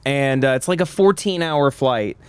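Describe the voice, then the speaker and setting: A young woman co-hosting a podcast, chatting casually with quick interjections and wry comebacks. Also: very deep voice, a little mellow, clear, resonant tone, no echo. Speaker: podcast co-host. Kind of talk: casual chat.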